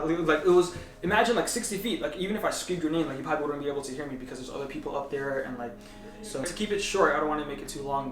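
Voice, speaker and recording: Young guy telling a storytime fast, keeps saying right?, echoey room, mic kinda far. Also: mid-range voice. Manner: animated storytelling, tags lines with "right?". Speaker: vlogger. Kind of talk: casual storytime chat.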